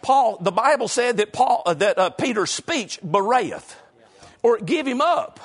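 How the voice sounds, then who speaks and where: Brief: middle-aged man, North Carolina mountain drawl, very high voice, folksy pastor who calls out church members and shouts at the peaks. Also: expressive, measured pace, breathy edge. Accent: North Carolina mountain Southern. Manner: folksy preaching, calls out congregants by name, bursts into shouts. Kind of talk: sermon.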